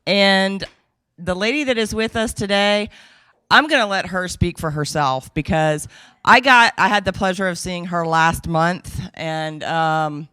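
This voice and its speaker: A woman's voice: fairly low pitch, measured pace, sharp tone, clear, resonant tone, no room sound, studio quality. A woman who organized the event, introducing the guest speaker in a hesitant way, with many fillers.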